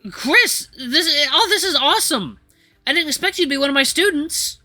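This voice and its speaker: A man voicing an eager, flustered young male shepherd-dog mentor with a put-on Australian accent, loud and apologetic. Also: very high voice, animated, moderate pace, no room sound, soft background music, voice pushed up, exaggerated voice. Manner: breathless, apologetic, overexcited.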